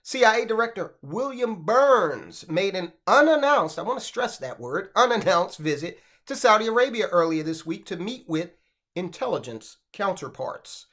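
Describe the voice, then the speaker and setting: A man's voice: sits high, sing-song, moderate pace, a bit bright. A man hosting a finance commentary show, talking in a sardonic, rhetorical way and often tagging his points with "okay?". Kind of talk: opinionated commentary.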